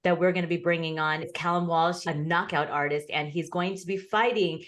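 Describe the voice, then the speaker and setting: A woman's voice: lowish voice, steady tone, a little fast. A woman co-hosting a boxing talk show, chatting casually and telling stories with frequent laughter. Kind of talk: casual chat.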